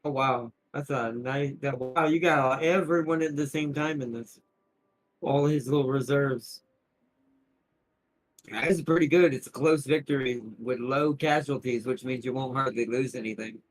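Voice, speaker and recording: A man's voice: mid-range voice, a little slow, rough recording. A man streaming a strategy game, rambling through casual commentary with frequent laughs and restarted sentences. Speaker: gaming streamer.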